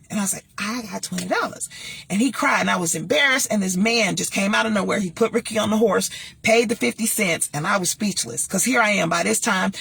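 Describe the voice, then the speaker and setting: Gravelly, very husky woman giving blunt advice. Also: medium pitch, fairly bright tone. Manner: emphatic, blunt, preachy. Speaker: talk show host and former radio DJ. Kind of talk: casual advice monologue with personal story.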